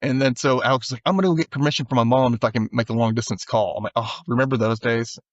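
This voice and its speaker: A man's voice: medium pitch, fast talker, no room sound, muffled recording. A man co-hosting a podcast, casually recapping an episode and acting out the characters' lines. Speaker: podcast co-host.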